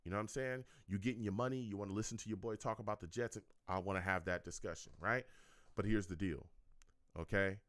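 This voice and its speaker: A man's voice: fairly low pitch, steady tone, fast talker, fairly bright tone, no echo. A man hosting his own sports fan radio show, talking casually and with energy, often repeating himself and tagging lines with "okay?" and "all right?", and joking with his chat. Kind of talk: casual call-in show wrap-up.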